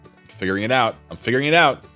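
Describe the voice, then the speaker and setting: A man's voice: medium pitch, lively intonation, fast, pushed and bright. A man streaming casually, rambling and joking at his own expense. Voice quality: rambling and self-mocking. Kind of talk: casual live-stream chat. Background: instrumental music.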